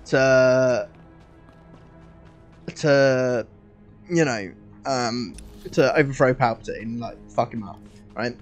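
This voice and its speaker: A man streaming casually, rambling excitedly with lots of fillers and swearing as he thinks aloud. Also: medium pitch, takes it slowly, long pauses, faint music behind.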